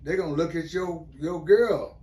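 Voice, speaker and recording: A man's voice: fairly high pitch, normal speed, warm tone. An older man, telling about his time in prison in a loose, rambling way and often asking "you know what I mean". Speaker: interview guest, former prisoner. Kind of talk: casual storytelling interview.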